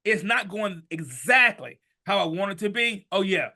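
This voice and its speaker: A man in his fifties, appearing as a podcast guest, tells his story at a normal speed in a bright, slightly high voice. He is animated and emphatic, shifting between low, hushed stretches and loud bursts.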